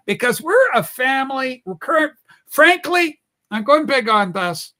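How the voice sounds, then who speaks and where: A man with a very high and bright voice hosts a casual livestream chat. He teases his guests and plays things up in a jokey, theatrical way. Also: lively intonation, normal speed. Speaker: livestream host.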